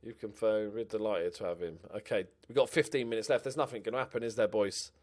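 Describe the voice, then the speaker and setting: A young man giving casual, animated commentary on his own game play, muttering to himself and swearing now and then. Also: lowish voice, fast. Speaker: gaming commentator.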